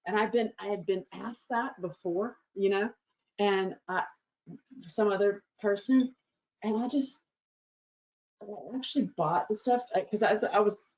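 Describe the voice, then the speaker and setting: A woman's voice: medium pitch, a little mellow. A woman hosting her show, telling a candid personal story in a bubbly, crude, laughing way. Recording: slightly dull lo-fi recording.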